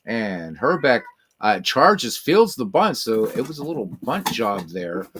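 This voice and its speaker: His voice is husky, fairly bright and very animated, delivered a little slowly. He's calling a tabletop baseball game like a mock announcer, casually narrating the plays, and switches to a high cooing tone when addressing his cats.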